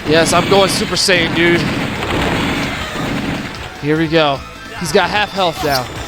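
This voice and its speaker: Excitable male gamer over loud game music. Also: fairly high pitch, slow. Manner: excitable, groans and shouts at the game. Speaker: game streamer. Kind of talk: live gameplay commentary.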